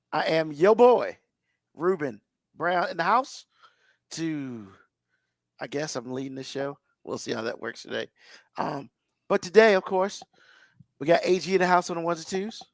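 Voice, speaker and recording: Raspy-voiced podcast host, lively and gravelly. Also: male voice, a little high, no room sound, studio quality. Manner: playful, teasing banter with lively swings. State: hoarse, raspy voice after illness. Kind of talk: casual chat.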